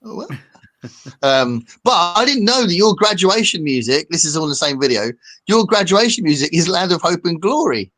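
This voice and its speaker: A man's voice: fairly high pitch, very animated, moderate pace, a bit bright. A British man hosting a casual livestream chat, rambling along and often ending his points with tag questions. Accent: British English. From Britain. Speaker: livestream host.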